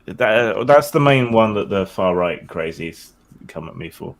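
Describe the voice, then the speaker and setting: Deep-voiced blunt man. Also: expressive, measured pace, slight background noise. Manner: blunt, dismissive, laughs often. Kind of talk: casual chat.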